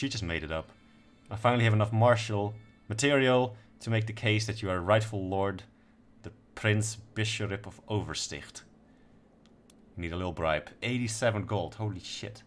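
A man's voice: fairly low pitch, moderate pace, faint music behind. A young man doing casual let's-play commentary, laid-back, swearing now and then and reading game text aloud. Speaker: gaming streamer.

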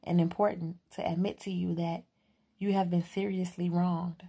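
A woman reading the part of a calm, intense young man who questions a girl in steady, even tones. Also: fairly low pitch, moderate pace, gravelly, breathy edge.

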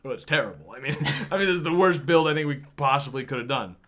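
A man's voice: mid-range voice, animated, quick pace, a bit bright. Wry swearing streamer guy. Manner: wry, swears, laughs easily. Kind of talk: casual game-stream banter.

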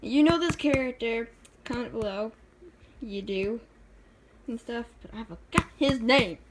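A woman's voice: on the high side, measured pace, background noise. Giggly young woman rambling casually. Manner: giggly, rambling, self-deprecating. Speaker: artist showing drawings. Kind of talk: casual chat.

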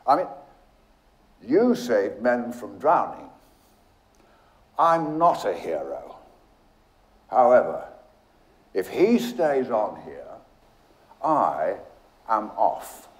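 A man voicing a quiet, wary young male scholar who speaks earnestly. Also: lowish voice, sing-song, very slow, long pauses, full character voice. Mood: uneasy. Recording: echoey room.

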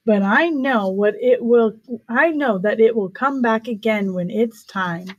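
Woman doing a hushed whispery porcupine. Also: a little high, unhurried, highs cut off. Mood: calm. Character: quiet wise female porcupine.

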